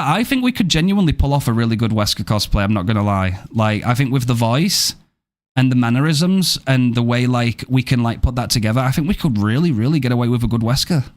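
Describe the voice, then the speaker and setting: A British man in the middle of a live game stream, talking casually with his audience. He sounds easygoing and chatty, dropping "bro" and "man" often. His voice sits at an ordinary middle pitch. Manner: laid-back and chatty, says "man" and "bro" a lot.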